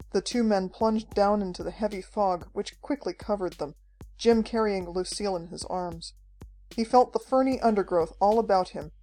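A woman narrating an adventure story as an audiobook, reading at a steady, measured pace. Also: mid-range voice. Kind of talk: scripted narration. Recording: faint background music.

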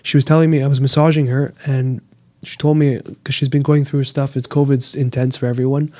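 A man who works as a massage therapist, calmly explaining his views in casual conversation. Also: mid-range voice, brisk, no echo, studio quality. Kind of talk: casual chat.

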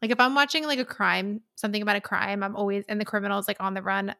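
A woman's voice: mid-range voice, steady tone, very fast, vocal fry, bright, forceful tone. A woman in casual chat about a book, heated and indignant, swearing as she talks.

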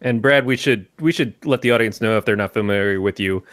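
A man's voice: lowish voice, a little fast, no echo, clean studio sound. A man co-hosting a casual podcast roundtable, joking and steering the conversation. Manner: joking, lively, steers the talk. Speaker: podcast co-host.

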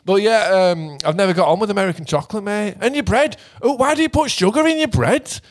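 A young British man in casual chat, animated and rambling, swearing and laughing often. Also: high voice, brisk. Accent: British English. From Britain.

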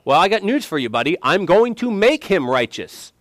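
A man's voice: sits high, sing-song, moderate pace, no echo, pitched above the performer's own voice. A man voicing God as a confident, taunting male deity who retorts emphatically. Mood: defiant.

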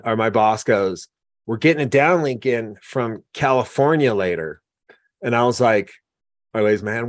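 A man telling stories in a relaxed conversational way, with frequent fillers. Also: mid-range voice, no echo, clean studio sound. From American West. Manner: relaxed storytelling, many fillers. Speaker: guest. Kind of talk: casual conversation.

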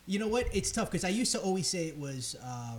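A man in casual chat, excitable and swearing, often laughing. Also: high voice, fairly quick, slight background noise.

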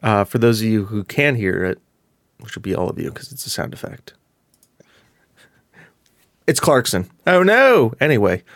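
A man's voice: on the low side, moderate pace, pauses often, no room sound. A man co-hosting a live-streamed podcast, chatting loosely and stumbling over his words. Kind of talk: casual banter.

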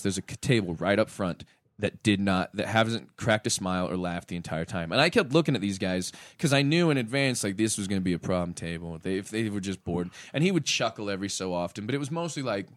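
Animated man telling a comedy story. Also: lowish voice, fast talker, no echo. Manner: animated, acts out the people in his stories. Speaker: stand-up comedian, podcast guest. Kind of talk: casual storytelling.

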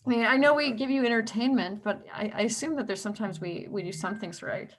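A woman's voice: fairly high pitch, fast. A middle-aged American woman, a historian guest, talking in a casual interview with many restarts and light laughs. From United States. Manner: hesitant restarts, laughs, earnest.

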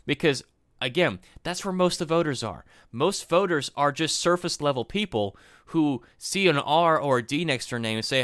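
A man hosting a podcast, giving solo political commentary in a rambling, animated way and often repeating himself. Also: on the high side, normal speed, no room sound, studio quality. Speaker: podcast host.

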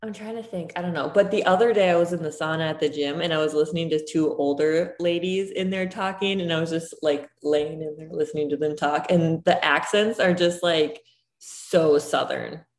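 Woman, thirties, casual filler-heavy chat, low pitch, roomy echo. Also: normal speed. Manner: chatty, lots of "like" fillers.

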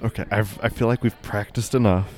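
A man's voice: lowish voice, fairly even intonation, fairly quick, a little mellow. A young man performing in an improvised comedy sketch, talking nervously and hesitantly, repeating his words as he stumbles.

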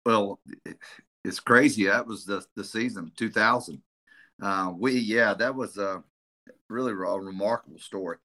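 A middle-aged man, a football coach telling a story as a podcast guest in a lively, animated way. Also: lowish voice, unhurried. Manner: animated storyteller, swears casually.

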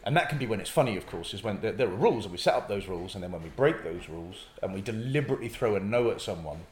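Animated man in an echoey room. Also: on the low side, very fast. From North East England. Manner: animated storyteller acting out little scenes. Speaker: improv comedian guest. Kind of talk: casual interview chat.

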